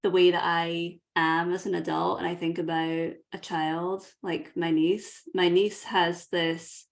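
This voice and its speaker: Scottish woman, 30s, coach guest; lower voice, earnest reflective storytelling. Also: little pitch movement, unhurried, gravelly. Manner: earnest, vivid, uses imagery.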